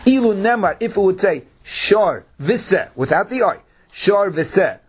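A man's voice: high-pitched, animated, unhurried, husky. A man teaching a Talmud class, chanting the passages in a singsong and explaining them to his students. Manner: singsong chanting of Hebrew and Aramaic passages mixed with plain explanation; addresses students affectionately.

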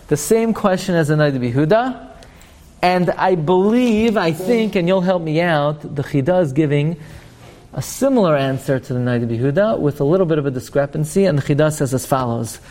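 A man teaching an online Torah class, explaining texts in an animated, jokey way. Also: a little high, fairly quick.

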